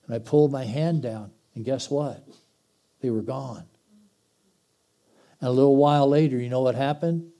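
Mellow, folksy man preaching. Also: medium pitch, moderate pace, pauses often. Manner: folksy and blunt, swinging between loud exhortation and quiet intensity. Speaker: pastor. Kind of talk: sermon.

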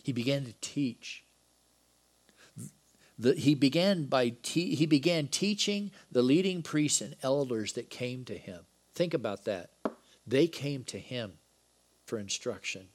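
A man's voice: medium pitch, a little slow. Conversational male preacher, joking asides. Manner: reads scripture dialogue with lively emphasis. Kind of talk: Bible-study sermon.

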